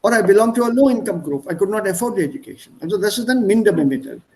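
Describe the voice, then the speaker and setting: Over a video call, a man with an Indian accent teaches an online German class, explaining words through strings of English synonyms. His voice is high, animated, very fast and a little mellow, and the recording is rough.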